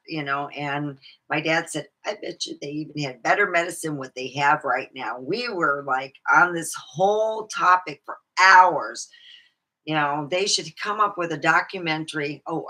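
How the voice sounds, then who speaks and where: A woman's voice: sits low, sharp tone. A woman talking alone in her room in a rambling, swearing vlog monologue, laughing at her own jokes. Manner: rambling, swearing, jumps between topics. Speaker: vlogger.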